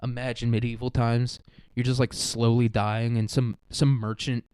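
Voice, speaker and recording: A man's voice: medium pitch, level tone, normal speed, darkish tone, clear, resonant tone, no echo. A man rambling through a crude, profane comedic monologue, full of "like" and "dude". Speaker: podcast host.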